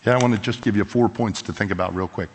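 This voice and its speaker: A man preaching a sermon as pastor, animated and conversational, leaning into quoted lines. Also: fairly low pitch, fast, slightly rough. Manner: animated, acts out voices of biblical figures in quotes. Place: church sanctuary. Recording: long hall reverb.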